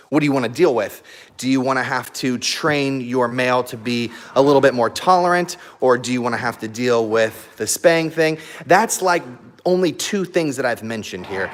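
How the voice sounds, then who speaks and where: A man's voice: medium pitch, a bit bright. A man hosting a live stream, chatting casually with viewers and laughing often while he plays with and talks to his dogs. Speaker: YouTube live stream host.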